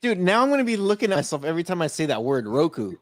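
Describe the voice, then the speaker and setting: A man's voice: sits high, sing-song, very fast, no room sound, clean studio sound. A man co-hosting a casual streaming podcast, laughing a lot and reading out viewer comments. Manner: giggly, laughs often, reads out chat comments. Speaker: podcast co-host. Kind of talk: casual livestream chat.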